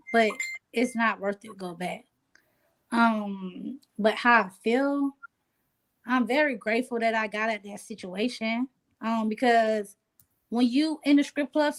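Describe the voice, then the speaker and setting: A woman talking as an interview guest in casual chat, relaxed and streetwise, often asking "you know what I'm saying". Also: a little high.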